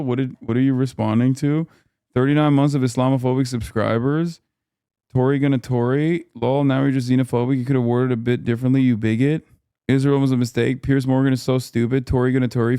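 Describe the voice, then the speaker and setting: A man's voice: mid-range voice, dark tone, smooth, dry recording, studio quality. A man streamer reacting to a debate clip with profane, sarcastic commentary. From Turkish-American.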